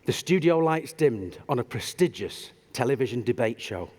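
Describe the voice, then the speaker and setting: A man giving a humorous storytelling talk on stage, animated and self-deprecating. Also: mid-range voice, normal speed. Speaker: public speaker. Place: large auditorium stage. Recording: long hall reverb.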